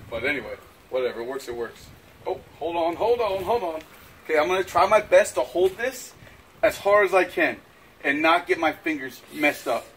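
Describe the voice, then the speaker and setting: A man hosting a casual outdoor fishing vlog by a pond, excitable and laughing a lot. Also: a little high, slight background noise, low-quality recording. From South Florida. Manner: excitable, laughs and yelps often. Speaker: fishing vlogger host.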